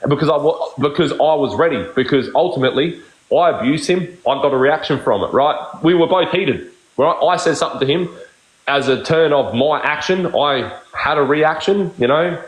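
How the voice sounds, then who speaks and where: A man's voice: on the high side, moderate pace. Brief: male live streamer, blunt, foul-mouthed, repetitive, echoey room. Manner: blunt, swears constantly, repeats himself. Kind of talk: heated casual chat.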